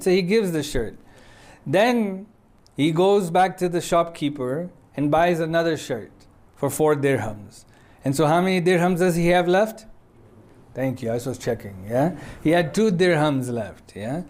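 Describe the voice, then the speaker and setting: A man giving a sermon as a conversational story, often checking in with listeners and reciting Arabic lines quickly. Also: fairly high pitch, darkish tone. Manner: conversational, frequent checking "yeah?" with audience; quotes Arabic passages swiftly. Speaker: preacher.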